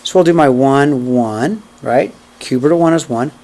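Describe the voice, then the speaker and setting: A man with a mid-range, dark-toned voice gives a math lecture at a moderate pace. While graphing, he counts each step aloud and frequently checks in with the class using "okay?" and "right?".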